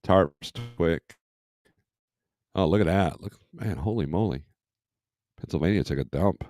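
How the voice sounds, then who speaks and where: A man's voice: sits low, measured pace, a little mellow, dry recording. A man hosting a casual trucking livestream, rambling as he reads load listings aloud and comments on them. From Michigan.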